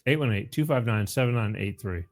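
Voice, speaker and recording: A man's voice: on the low side, animated, brisk. A middle-aged man hosting a call-in show, chatting casually and rambling, with frequent laughs and repeats. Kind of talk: casual call-in radio chat.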